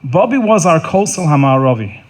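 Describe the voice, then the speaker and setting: A middle-aged man delivering a funeral eulogy in an earnest, halting way, often repeating words and restarting. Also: fairly high pitch, big pitch swings. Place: funeral service.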